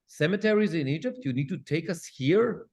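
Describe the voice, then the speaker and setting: A man, a cantor, teaching a Bible study class who reads Hebrew verses aloud and translates them with lively questions. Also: fairly high pitch, normal speed, vocal fry, slightly rough.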